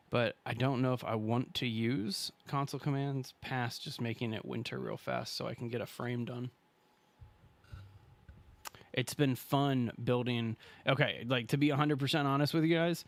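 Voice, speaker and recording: A man's voice: mid-range voice, no echo. Chatty male game streamer. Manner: chatty, thanks viewers and talks to chat while playing. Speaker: streamer playing a survival game. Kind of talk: casual live-stream commentary.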